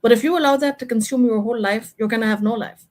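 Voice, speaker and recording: A woman's voice: fairly high pitch, fast, darkish tone, poor audio. A woman hosting a casual live chat about a reality show, opinionated and chatty, with lots of fillers.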